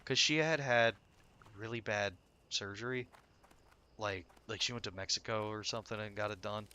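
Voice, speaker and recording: A man's voice: on the low side, fairly even intonation, moderate pace, pushed and bright, slight background noise. A man telling a rambling, profane story with frequent laughter while playing a game. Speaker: streamer. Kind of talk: casual storytelling while gaming.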